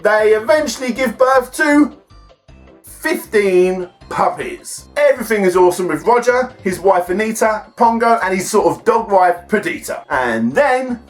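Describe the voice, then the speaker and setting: A man's voice: high voice, lively intonation, unhurried, soft background music. A man hosting a film and game review, chatty and enthusiastic. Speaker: host.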